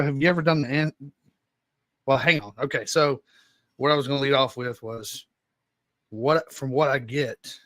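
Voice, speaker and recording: A man's voice: medium pitch, a bit bright, dry recording. A man with a Southern Georgia accent, co-hosting a podcast in casual chat, rambling through stories and laughing often. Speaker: podcast co-host.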